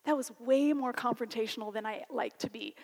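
A woman teacher telling a personal story in a sermon, animated and conversational. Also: a little high, fairly quick, creaky, long reverb tail. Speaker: college teacher and speaker.

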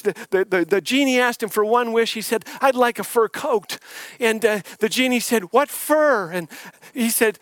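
Older man, high joking preacher voice. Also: fairly bright tone, no echo. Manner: folksy, joking storyteller. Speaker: guest preacher. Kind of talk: sermon with jokes. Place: church sanctuary.

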